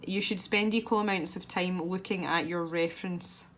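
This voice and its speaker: A woman's voice: on the low side, fairly even intonation, moderate pace, fairly bright tone, slight background noise. A woman talking casually as she colours, giving chatty tutorial tips in a self-deprecating way.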